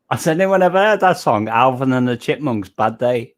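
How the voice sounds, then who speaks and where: Brief: male stream host, mid pitch, loose rambling delivery, jokes at his own expense. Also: sing-song, moderate pace. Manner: rambling, self-deprecating, jokey. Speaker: livestream host. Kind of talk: casual chat.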